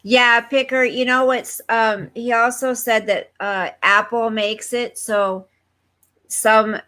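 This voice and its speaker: Slow-talking woman chatting live. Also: on the high side, steady tone, bright, forceful tone. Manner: chatty, talks straight to viewers, easily distracted. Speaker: livestream host reading viewer comments. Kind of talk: casual live chat. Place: at home, fireworks outside.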